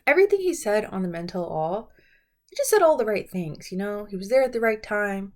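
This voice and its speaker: A woman's voice: mid-range voice, lively intonation, fairly quick, a little mellow. A young woman chatting casually and playfully about reality TV contestants in a vlog. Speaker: beauty and reality TV vlogger.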